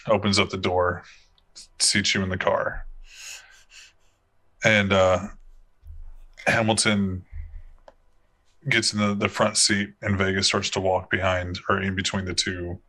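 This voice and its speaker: Bright-voiced man narrating a tabletop game. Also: deep voice, little pitch movement, slow, long pauses. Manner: laughing, loose storytelling with many fillers. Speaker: game master.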